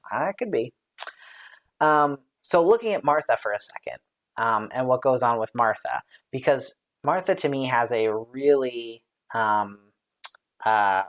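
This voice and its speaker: A Bible study leader on a live stream, thinking aloud with lots of fillers and light laughs, and answering viewer comments as they come in. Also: medium pitch. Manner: reads out viewer comments and responds to them.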